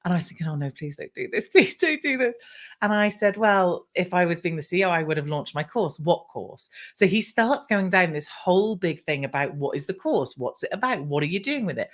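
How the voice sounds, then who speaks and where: British woman telling a lively story. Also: fairly low pitch, a little fast, hardly any pauses. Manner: animated, acts out her own past dialogue. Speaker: guest. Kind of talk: casual storytelling interview.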